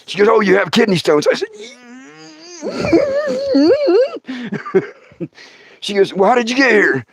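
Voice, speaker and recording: A man's voice: sits high, lively intonation, fast talker, fairly bright tone, breathy edge. A middle-aged man telling a comic story on a livestream, stammering, laughing often and putting on voices. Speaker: comedian. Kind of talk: storytelling stand-up.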